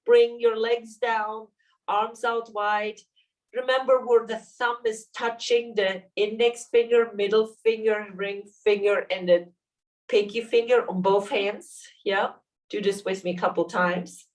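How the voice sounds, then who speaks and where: A woman leading a yoga class, calmly cueing poses and breaths step by step. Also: a little high, measured pace, far from the mic, rough recording. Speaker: yoga teacher. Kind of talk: guided yoga class instruction.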